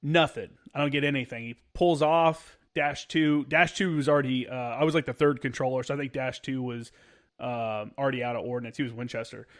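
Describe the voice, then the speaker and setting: A man's voice: mid-range voice, fairly even intonation, brisk. Man, former marine, podcast guest, swears a lot, acts out radio calls, many fillers. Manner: profane, candid, quotes radio calls. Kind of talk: casual war story telling.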